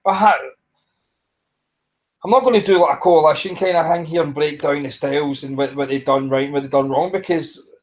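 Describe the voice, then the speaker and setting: A man with a high voice rants through a casual podcast chat. He is blunt, swears constantly and builds himself into a fury as he goes. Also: brisk, highs cut off. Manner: ranting, blunt, heavy swearing. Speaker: podcast co-host.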